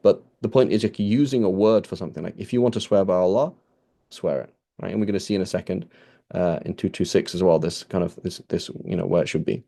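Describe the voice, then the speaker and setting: Guy teaching a laid-back religious class, warm low voice, lots of restarts, drops arabic phrases in. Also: quick pace, vocal fry. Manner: conversational, many restarts and "right?" checks. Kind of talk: informal Quran lesson.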